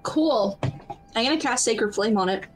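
Brief: woman player, fairly high voice, upbeat, faint music behind. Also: animated, normal speed. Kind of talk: casual tabletop game play.

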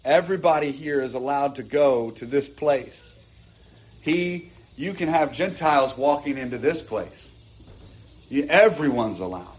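A man's voice: medium pitch, lively intonation, measured pace, slightly rough. Male pastor, mid-range voice, earnest emphatic sermon delivery from the pulpit. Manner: earnest, emphatic preaching with rising bursts and asides. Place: church, preaching from a pulpit.

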